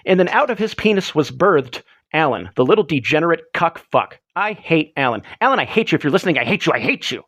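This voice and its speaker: A man's voice: high voice, fairly bright tone, no room sound, studio quality. A man hosting a livestream in a rambling, profane, mock-ranting chat. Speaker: livestream host.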